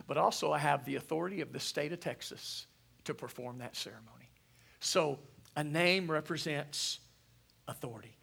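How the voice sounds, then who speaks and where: A middle-aged man preaching a sermon as pastor, animated and calling out to the congregation for responses. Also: a little high, fairly quick, creaky.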